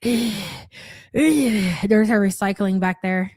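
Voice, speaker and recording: A woman's voice: medium pitch, extremely slow, a little mellow, a little hiss or hum. A young adult woman giving casual live-stream reaction commentary, blunt and sarcastic, swearing freely and thanking viewers.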